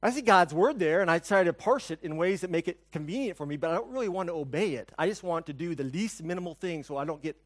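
A male pastor giving a conversational sermon, telling stories, asking the congregation questions, and swinging between soft and loud. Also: a little high, expressive, quick pace, few pauses. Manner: storytelling, asks the congregation questions.

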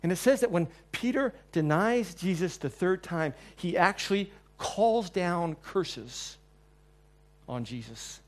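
A man preaching a sermon in a church. He tells the story with energy, acts out the quotes, and moves between loud and quiet passages. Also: high voice, slow pace. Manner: animated storyteller, acting out quotes, swings between loud and soft.

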